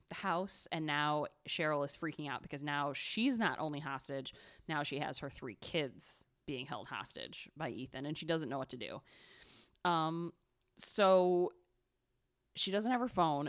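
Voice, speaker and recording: A young woman co-hosting a podcast, casually telling a story with lots of fillers and giggles. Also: low voice. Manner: chatty, giggly, rambling with many fillers. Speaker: podcast co-host.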